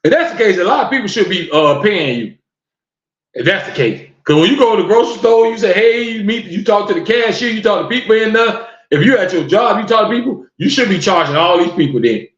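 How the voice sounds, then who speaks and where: Male podcast host, high lively voice, incredulous ranting delivery, roomy muffled lo-fi recording. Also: quick pace, hardly any pauses. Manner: incredulous, fires off rhetorical questions. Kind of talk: live-stream rant to viewers. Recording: roomy, dull lo-fi sound.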